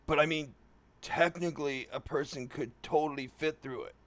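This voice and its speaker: A man doing an excitable young crewmate. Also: fairly high pitch, moderate pace, pitched above the performer's own voice, natural voice. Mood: eager. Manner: raised voice, peppered with "dude". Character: young excitable male crewmate, easygoing slacker.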